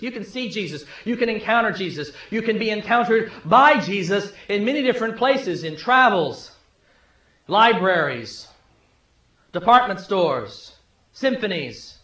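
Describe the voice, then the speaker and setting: A male pastor preaching a sermon, telling a story conversationally and dropping low and soft for emphasis. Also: big pitch swings, measured pace. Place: church sanctuary. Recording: echoey church room.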